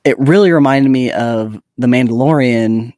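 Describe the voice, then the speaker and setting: A man's voice: medium pitch, normal speed, dry recording, clean studio sound. Gushing male podcast co-host. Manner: animated, gushing, many fillers. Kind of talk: casual chat.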